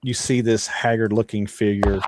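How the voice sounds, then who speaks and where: A man's voice: lowish voice, level tone, normal speed, darkish tone. A man narrating as game master in a casual, rambling way, often restarting his sentences.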